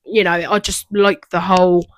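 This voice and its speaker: This young woman, a podcast co-host, speaks at normal speed in a lowish voice with flat delivery. Her casual chat rambles along with lots of fillers.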